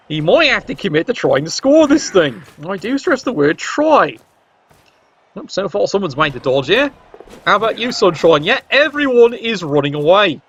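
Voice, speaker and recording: A man's voice: high-pitched, fairly bright tone. A man giving play-by-play commentary on a match, with dry joking asides. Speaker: game commentator. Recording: dull lo-fi recording.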